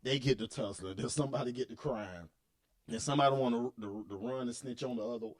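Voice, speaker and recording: A man's voice: medium pitch, fast. A man co-hosting a casual comedy podcast, telling stories with frequent laughter, stammers and restarts. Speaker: podcast co-host.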